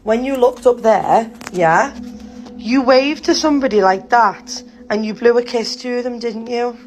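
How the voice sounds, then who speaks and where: A mother gently coaxing her small child with questions. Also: a little high, unhurried.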